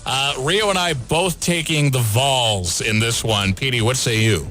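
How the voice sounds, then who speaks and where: A man hosting a casual sports radio show, briskly running through game picks and questioning his co-hosts. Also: medium pitch, loud music behind the voice. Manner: brisk, moves the segment along with quick questions.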